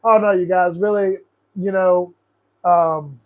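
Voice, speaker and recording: A man's voice: sits high, fairly even intonation, slow, lo-fi sound. A young man hosting a casual political livestream, ranting in a profane, frustrated, rambling way. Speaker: host.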